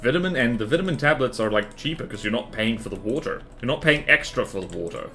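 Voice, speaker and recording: A man's voice: mid-range voice, animated, fast, sharp tone, soft background music. A man chatting casually with his live-stream viewers while playing a game, rambling and laughing often as he answers chat.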